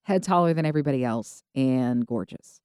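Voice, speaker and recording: A woman co-hosting a podcast, telling Bible stories casually and acting out the characters in quick voices. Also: rumbling low, clear, resonant tone, no echo, studio quality. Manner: animated storytelling, acts out biblical characters in quick voices. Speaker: podcast co-host.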